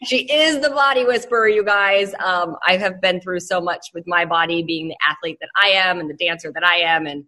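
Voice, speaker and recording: Woman host, casual storyteller, speaks to listeners directly, slightly low pitch. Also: a little fast, pushed and bright, no room sound, studio quality. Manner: chatty, personal storytelling addressing listeners. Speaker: podcast host. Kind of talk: casual podcast talk.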